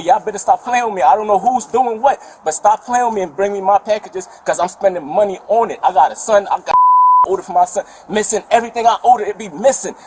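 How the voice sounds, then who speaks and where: A man arguing loudly and fast with police outdoors at an apartment complex, picked up by an officer's body camera. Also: a little high. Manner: agitated, loud, arguing fast. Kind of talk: heated bodycam exchange. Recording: noisy outdoor bodycam audio.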